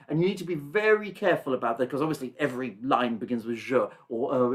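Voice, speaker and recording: A man teaching an online singing masterclass over a video call, gentle and thoughtful, searching for words and humming rhythms to demonstrate. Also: mid-range voice, fast talker, few pauses.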